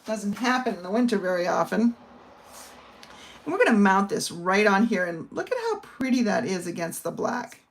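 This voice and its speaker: This casual crafting demo features a papercraft instructor, a middle-aged woman from the northern U.S., chatting through a card project step by step. Her mid-range voice is very animated and moves at a moderate pace.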